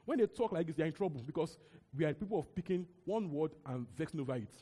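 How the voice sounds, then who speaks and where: High-voiced Nigerian preacher in a hall. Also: male voice, quick pace, slightly rough. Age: young adult. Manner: animated, conversational preaching with repeated words and asides. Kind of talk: sermon. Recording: long hall reverb.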